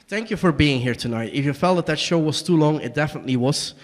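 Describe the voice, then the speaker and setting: A man's voice: on the high side, expressive, a little fast, in a large hall. Young man in a raw stage monologue. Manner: raw, swings from quiet confession to angry outbursts. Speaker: solo stage performer. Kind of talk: one-man tragicomedy monologue. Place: small basement performance space.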